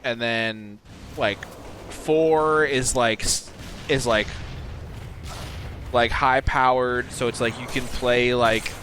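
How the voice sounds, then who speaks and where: Rambling young man, loud gunfire behind. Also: medium pitch, steady tone, slow, long pauses. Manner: rambling, many fillers and restarts. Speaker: podcast co-host and gamer. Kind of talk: casual chat while gaming. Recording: game sound noise behind. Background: video game gunfire.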